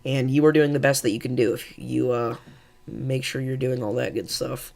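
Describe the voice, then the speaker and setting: A man hosting live severe weather coverage, calmly reassuring viewers and thinking aloud with fillers as he reads radar. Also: mid-range voice, moderate pace, vocal fry. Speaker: weather livestream host.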